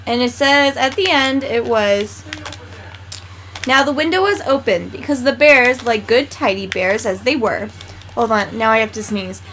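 A woman chatting casually beside a friend's gameplay, reading aloud haltingly and stumbling over words. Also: fairly high pitch, a bit bright, slight background noise. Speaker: game co-host. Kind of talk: casual chat.

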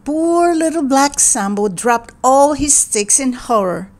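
A woman reading a children's picture book aloud in a gentle, expressive, deliberate way. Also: high voice. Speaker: read-aloud narrator.

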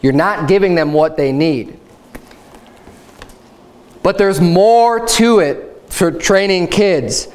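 A young adult man preaching a sermon at a church service, frank and conversational, with stories from his own life. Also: a little high. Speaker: pastor.

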